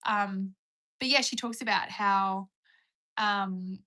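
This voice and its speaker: A woman's voice: mid-range voice, takes it slowly, pushed and bright. A young woman with a rural Australian accent chatting casually on a live stream, reading comments and rambling, now and then dropping to a whisper. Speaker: livestreamer.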